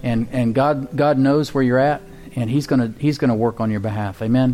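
A man's voice: mid-range voice, steady tone, a little fast, hardly any pauses, warm tone, faint music behind. A male pastor preaching a sermon and leading a prayer, with a preaching cadence and call-and-response with the congregation.

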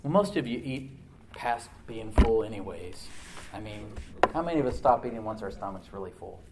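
A male pastor preaching a sermon, swinging from loud emphatic lines to hushed near-whispers. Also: lowish voice, expressive, normal speed, reverberant, noisy background. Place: church sanctuary.

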